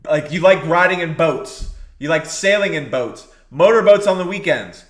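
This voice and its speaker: A man's voice: on the high side, animated, normal speed, echoey room. A man preaching a sermon, exhorting his listeners and repeating key phrases for emphasis.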